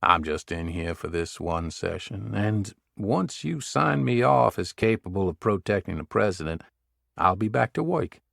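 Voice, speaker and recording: A man's voice: on the low side, expressive, unhurried, creaky, fairly bright tone, no room sound, studio quality, exaggerated voice. A man voicing a wry, confident male Secret Service agent in an audiobook.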